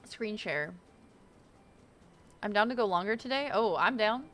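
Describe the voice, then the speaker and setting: A young woman hosting a game stream, chatting loosely and teasing her friends. Her voice sits at a middle pitch, and she talks with a playful edge, quick to laugh. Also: expressive, fairly bright tone. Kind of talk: casual gaming chat.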